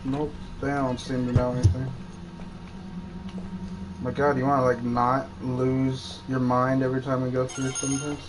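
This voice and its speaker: A man's voice: medium pitch, monotone, moderate pace, over music, low-quality recording. A man streaming a game, chatting to himself and to viewers as he plays. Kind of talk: live game commentary.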